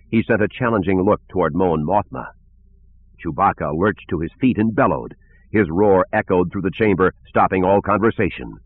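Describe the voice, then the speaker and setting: A man narrating an audiobook in a steady, even storytelling manner. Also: sits low, normal speed. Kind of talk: scripted narration. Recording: tinny phone-like lo-fi audio.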